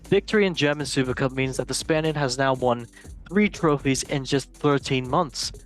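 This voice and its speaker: A man's voice: mid-range voice, normal speed, soft background music. Joking young man hosting football news. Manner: jokey, reads headlines with asides and stumbles. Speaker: show host. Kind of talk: casual football news chat.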